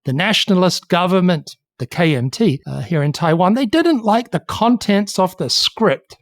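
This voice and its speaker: A podcast co-host tells history in a steady, explanatory way. The voice sits at a middling pitch. It is recorded close and dry, with no room echo. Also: moderate pace. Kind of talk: casual history podcast chat.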